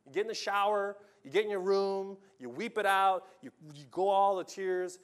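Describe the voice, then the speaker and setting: Animated man preaching a sermon. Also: high voice, moderate pace, clear, resonant tone. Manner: animated, storytelling, swings between loud urging and hushed lines.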